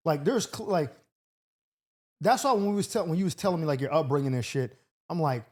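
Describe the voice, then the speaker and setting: A man hosting a casual podcast chat, talking loosely with loud reactions and lots of fillers. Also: on the high side, brisk, long pauses. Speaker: host.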